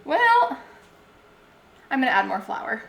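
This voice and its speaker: A woman's voice: a little high, moderate pace, reverberant, over music, rough recording. A woman vlogging as she cooks at home, chatting casually and talking herself through each step. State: out of breath. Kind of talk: casual cooking narration. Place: home kitchen.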